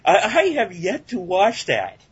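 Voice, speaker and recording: A man with a husky, rough-edged voice, chatting eagerly and giggling as he hosts a casual interview. The sound is dull and lo-fi. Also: sits high, huge pitch swings, measured pace. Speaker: podcast host. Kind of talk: casual chat. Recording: dull lo-fi recording.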